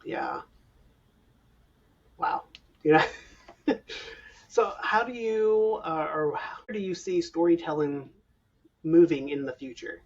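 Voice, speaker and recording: Male host, slightly high voice, speaks slowly and briefly, picked up from far off with a muffled, lo-fi sound. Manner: slow, brief prompts and affirmations. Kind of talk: casual interview. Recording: distant, dull lo-fi mic.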